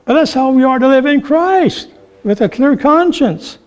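Man, preacher, high voice, sermon, storytelling. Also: expressive, normal speed. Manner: storytelling, acting out quoted voices.

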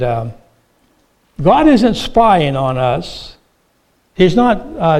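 A man preaching a sermon as a pastor, telling humorous stories and then growing hushed and earnest about forgiveness. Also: on the high side. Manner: storytelling with humor, hushed and earnest when turning to God's forgiveness.

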